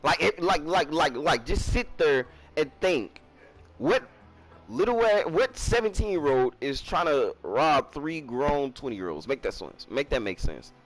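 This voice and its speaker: A man's voice: on the high side, very animated, measured pace. A young man, telling a casual storytime in an emphatic, profane way. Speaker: storyteller streamer.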